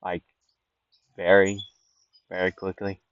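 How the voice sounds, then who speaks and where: A man's voice: low-pitched, completely flat delivery, slow, clean tone, no room sound, muffled recording. A man casually improvising a fan story, rambling with lots of fillers.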